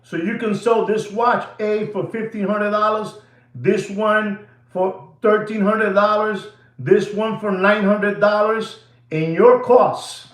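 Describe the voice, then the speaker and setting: This high-voiced man takes his time as he delivers an animated rant to the viewers of his watch channel. He's excitable and theatrical, drifting into Spanish asides, and the room gives his voice a noticeable echo.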